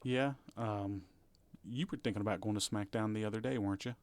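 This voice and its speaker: A man's voice: on the low side, steady tone, a little fast, dry recording. A man co-hosting a podcast, talking casually and rambling, with restarts and fillers. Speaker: podcast co-host. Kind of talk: casual chat.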